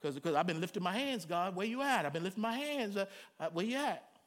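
High bright-voiced preacher guy, swoops all over, jokey sermon. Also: fairly quick. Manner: animated, humorous, conversational preaching with sudden loud cries.

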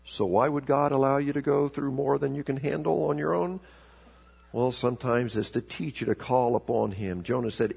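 A man preaching a sermon, telling a story with sharp emphatic rises and slowing to a low, deliberate voice for scripture. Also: creaky, slightly rough. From South America. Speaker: pastor.

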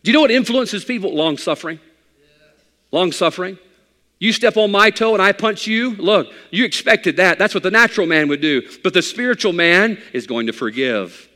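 A pastor preaching a sermon in a conversational, folksy way with bits of humor. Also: male voice, high voice, expressive, fairly quick, hardly any pauses, bright, forceful tone, in a large hall.

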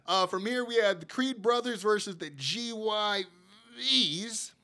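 Guy with a fairly high voice running thru a wrestling recap, loose and chatty, lots of uh and you know. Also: a little slow, sharp tone. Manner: chatty, full of fillers, laughs at his own jokes. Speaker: podcast host. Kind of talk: casual wrestling show recap.

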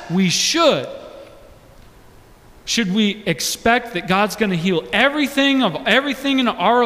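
A man's voice: high voice, fairly bright tone. A young man preaching a sermon, earnestly asking the congregation question after question. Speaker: pastor. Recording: long hall reverb.

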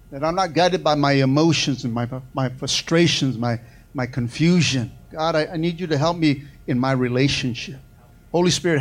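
A man preaching a sermon to his church, calling for amens and swinging from loud, quick bursts to slow, soft passages. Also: on the high side. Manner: preaching with call-and-response, repeated "amen" and "come on". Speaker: pastor.

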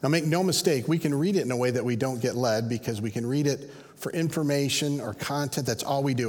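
A man's voice: medium pitch, brisk, few pauses, a little mellow. A middle-aged man preaching a sermon as a pastor, conversational and earnest, acting out the voices he quotes. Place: large church hall. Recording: reverberant church hall.

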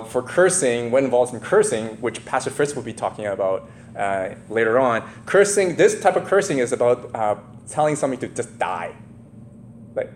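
A pastor with a medium-pitched voice preaches loosely and conversationally, retelling a scripture story and checking in with listeners often. His telling is full of fillers and restarts, and a little hiss or hum can be heard.

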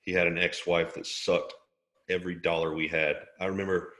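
Deep-voiced man telling stories. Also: a little fast, echoey room. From Alabama. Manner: animated, jokey storyteller who laughs often. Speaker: interview guest. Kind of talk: casual storytelling.

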